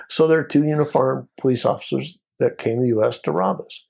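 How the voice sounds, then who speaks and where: An older man, a former border patrol agent, telling a story in an interview in a lively way and acting out the voices of the people in it. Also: medium pitch, quick pace, creaky, few pauses, breathy edge. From United States. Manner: animated storyteller, acts out quoted voices.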